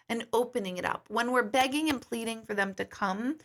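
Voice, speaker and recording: A woman's voice: fairly high pitch, brisk. A middle-aged woman, a psychic medium, talking casually and bluntly on a livestream, swearing freely and greeting viewers by name.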